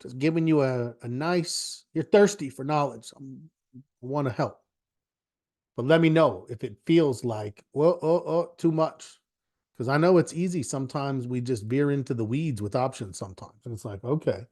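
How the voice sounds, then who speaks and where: A man's voice: medium pitch, normal speed, darkish tone. A man teaching options trading in a casual live online class, chatty and joking, with rambling asides.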